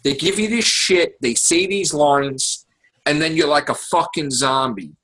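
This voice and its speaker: A man's voice: on the high side, measured pace, fairly bright tone. A man from the United States hosting a podcast, ranting about politics in a profane, exasperated, casual way. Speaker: podcast host. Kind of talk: heated casual political rant.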